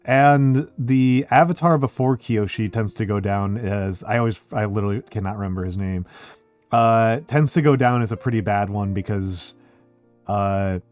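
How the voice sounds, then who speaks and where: A young man streaming, chatting casually with his viewers and thinking out loud, his voice scratchy because he is under the weather. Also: on the low side, moderate pace, soft background music. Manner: rambling, thinking out loud with fillers.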